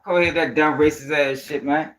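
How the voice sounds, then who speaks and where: Host, male, high-pitched voice, confrontational and profane. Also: fairly even intonation, fairly quick, fairly bright tone. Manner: confrontational, profane, slangy, repeats himself. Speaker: host of a news commentary channel. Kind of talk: heated live-stream commentary.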